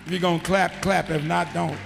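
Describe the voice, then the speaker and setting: A bishop preaches in a reverberant church hall, his voice pitched high and gravelly. He swings from hushed storytelling to loud, sung-out lines. Music plays behind him. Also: fairly even intonation, fairly quick, crowd noise. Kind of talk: sermon. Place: church sanctuary.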